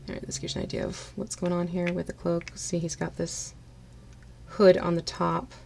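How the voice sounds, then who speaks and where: A woman chatting casually on a live stream while she paints miniatures. She laughs often and greets her viewers brightly by name. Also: fairly low pitch, completely flat delivery, moderate pace, creaky, a little hiss or hum.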